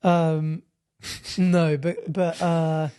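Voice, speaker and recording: A man's voice: on the high side, level tone, warm tone, smooth, no room sound, studio quality. A man co-hosting a podcast, chatting casually and telling stories. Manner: chatty, quick storytelling with impressions. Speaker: podcast co-host. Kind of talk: casual chat.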